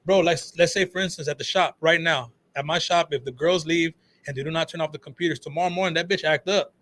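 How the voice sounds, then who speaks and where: Fast, bright-voiced man telling stories. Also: a little high. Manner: animated storyteller, swears freely, acts out quotes. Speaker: guest, phone repair shop owner. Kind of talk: casual talk show chat.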